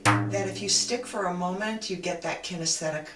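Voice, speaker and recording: A woman leads a frame drum lesson over a video call, unhurried and chatty, often talking her thoughts through aloud. Her slightly low voice comes from some distance off the mic in an echoing room. Loud drumming sounds behind her. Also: soft background music. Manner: patient, chatty, thinks aloud.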